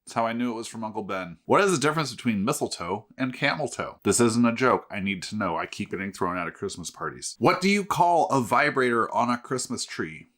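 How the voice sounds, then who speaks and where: A man hosting a casual beer review vlog who tells jokes in a deadpan way and swears freely. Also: medium pitch, fairly quick, few pauses. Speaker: host.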